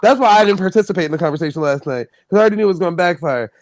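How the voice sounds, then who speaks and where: A man's voice: high-pitched, animated, racing, dry recording. A man hosting a casual livestream, ranting bluntly and profanely about a panel discussion. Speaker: stream host.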